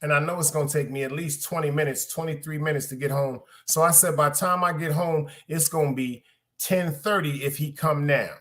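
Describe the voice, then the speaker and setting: A man ranting through a work story on his podcast, profane and animated, repeating lines for emphasis and calling out to his listeners. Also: on the high side, brisk. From Brooklyn, New York. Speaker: podcast host. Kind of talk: casual storytelling rant.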